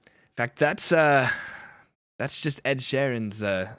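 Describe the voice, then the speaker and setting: A man's voice: medium pitch, takes it slowly, fairly bright tone, clean tone, dry recording, clean studio sound. A man hosting a livestream, chatting casually and laughing at himself as he talks about accents. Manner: chatty, laughing, self-deprecating. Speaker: livestream host. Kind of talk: casual chat with chat.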